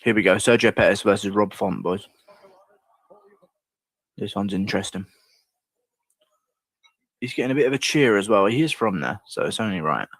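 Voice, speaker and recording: A man's voice: lowish voice, lively intonation, normal speed, pauses often, a bit bright, no room sound. Crude, rambling streamer man. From United Kingdom. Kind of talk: casual chat with viewers.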